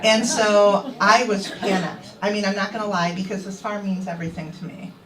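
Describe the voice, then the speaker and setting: A woman's voice: mid-range voice, normal speed, a crowd in the background. Indignant woman speaking from far off. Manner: indignant, quoting others in animated voices. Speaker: activist speaker. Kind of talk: telling a story to a crowd. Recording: echoey, distant mic.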